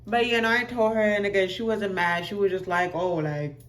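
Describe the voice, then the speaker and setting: A young woman telling a casual storytime, animated and laughing, acting out voices in quotes. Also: medium pitch, a little fast, echoey room, slight background noise. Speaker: vlogger.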